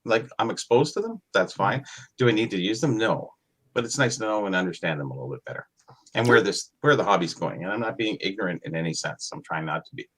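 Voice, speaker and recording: Deep, husky man chatting on a podcast. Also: expressive, fast talker, fairly bright tone. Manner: rambling, self-deprecating. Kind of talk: casual podcast chat.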